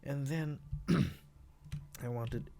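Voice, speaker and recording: A man producing music, walking through his own beat in a relaxed, rambling way, with many fillers and restarts. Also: medium pitch, extremely slow, creaky. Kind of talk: casual screen-recorded tutorial.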